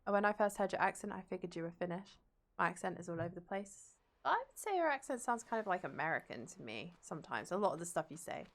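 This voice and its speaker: A woman's voice: fairly low pitch, expressive, fast. A young woman streamer and drama teacher, rambling casually as she plays a game and reads chat aloud and answers it.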